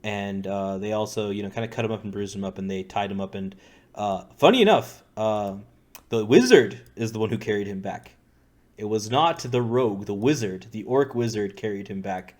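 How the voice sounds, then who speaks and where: Low-voiced man running a tabletop game. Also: moderate pace, a little mellow. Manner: correcting and explaining, adds context. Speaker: game master.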